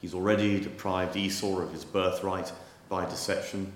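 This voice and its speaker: Deep-voiced man preaching a sermon. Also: flat delivery, echoey room. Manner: storytelling, measured, wry. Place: church.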